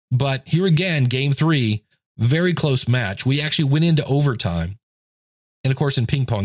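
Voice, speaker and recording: With a mid-range voice and a clean, echo-free studio recording, a man in his fifties offers relaxed motivation through storytelling. He acts out the voices of the people in his anecdotes.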